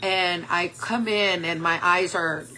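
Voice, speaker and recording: A makeup vlogger in her forties tells a personal story candidly and ramblingly, peppering it with "like" and "um." Her voice sits fairly low and stays steady, bright, and forceful as she takes her time.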